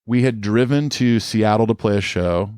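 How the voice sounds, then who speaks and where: A man's voice: on the low side, normal speed, a little mellow, clear, resonant tone, no echo, studio quality. A middle-aged man, a musician guest on a podcast, telling a long casual story in a rambling, laid-back way full of fillers.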